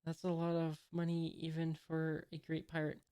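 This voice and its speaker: A woman reading a carefree young male pirate captain's lines aloud, barely changing her own low, flat voice. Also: moderate pace, smooth, lightly acted. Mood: easygoing.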